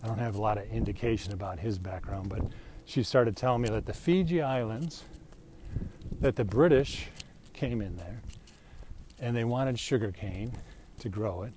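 A man's voice: lowish voice, normal speed, long pauses, dark tone, a little hiss or hum. A middle-aged American man telling a rambling, chatty story in a casual monologue, laughing often. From United States.

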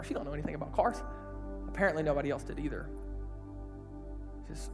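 High-voiced guy preaching to young people, slangy, keeps throwing questions, echoey hall w/ faint music. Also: steady tone, a little fast, long pauses. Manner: emphatic and casual, with slang and rhetorical questions. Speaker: pastor.

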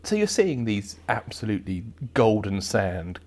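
A man's voice: on the low side, sing-song, unhurried, darkish tone. Chatty male podcast co-host. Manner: chatty, often restarts sentences. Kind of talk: casual chat.

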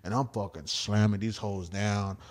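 A young man, a stand-up comic guesting on a podcast, telling wild party stories in a rambling, profane, animated way. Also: on the low side, moderate pace. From Houston area. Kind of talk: casual storytelling chat.

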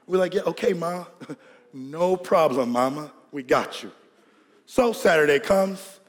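A man from Georgia preaching a sermon, telling a lively childhood story with laughter and call-and-response to the congregation. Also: a little high. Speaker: pastor. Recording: long hall reverb.

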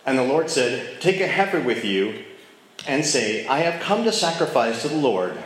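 A man's voice: medium pitch, very animated, normal speed, a little hiss or hum. A man teaching a casual Bible study, talking conversationally and checking in with his listeners. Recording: very echoey room.

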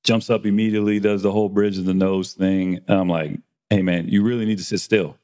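A man's voice: on the low side, flat delivery, a little fast, mellow. A man telling a barbershop story in casual chat, acting out the dialogue and swearing freely. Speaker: barber and podcast host.

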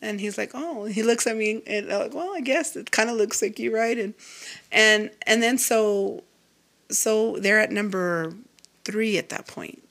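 A woman from Texas, a singer and guest, telling a story in a casual interview, earnest and animated, restarting her sentences and quoting others in a raised voice. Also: medium pitch, a little slow, vocal fry. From Lubbock, Texas.

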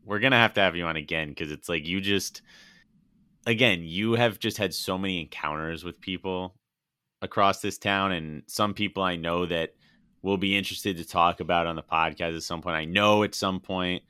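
A man's voice: low-pitched, fairly even intonation, moderate pace, sharp tone, smooth, dry recording, studio quality. A man hosting a podcast, talking in enthusiastic, effusive casual chat. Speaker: podcast host.

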